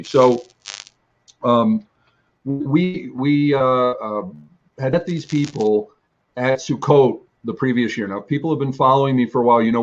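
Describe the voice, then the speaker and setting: A man's voice: medium pitch, muffled recording. Rambling man telling a testimony. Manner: rambling, many restarts and fillers. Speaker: ministry teacher. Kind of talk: storytelling testimony.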